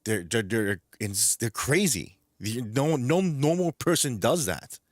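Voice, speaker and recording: A man's voice: mid-range voice, expressive, unhurried, no room sound, studio quality. Angry profane male streamer, New York accent. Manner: angry, profane, repeats words. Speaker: livestream host. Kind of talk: ranting livestream chat. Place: home streaming room.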